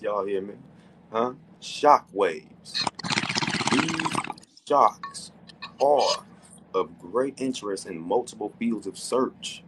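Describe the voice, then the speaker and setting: A man hosting a casual debate stream who teases his opponent and reads sources aloud, stressing key words. He talks slowly and deliberately. A faint hiss sits under the recording. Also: fairly low pitch, animated.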